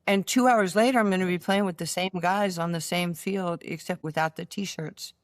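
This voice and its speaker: A woman, a guest telling lively stories from her childhood in a casual chat, full of fillers and restarts. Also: on the low side, normal speed, dry recording, clean studio sound. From New York. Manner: animated storyteller with many fillers and restarts. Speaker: interview guest.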